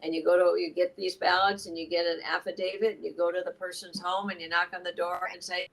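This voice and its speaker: A woman's voice: on the low side, flat delivery, fast, gravelly, a bit bright, low-quality recording. A woman state assemblywoman giving an emphatic interview as a podcast guest, talking at length with asides. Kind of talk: casual political interview.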